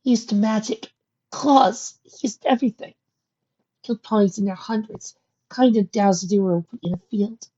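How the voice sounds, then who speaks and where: A woman's voice: high-pitched, expressive, a little fast, darkish tone, breathy edge, muffled recording, voice pushed up. Woman doing a frightened young filly pony. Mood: distressed.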